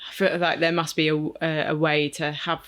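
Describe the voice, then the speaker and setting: A man co-hosting a casual podcast chat, speaking thoughtfully and pausing and restarting as he works through his ideas. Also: fairly high pitch, flat delivery, a bit bright, clean tone. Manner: thoughtful, pauses and restarts while thinking aloud. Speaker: podcast co-host.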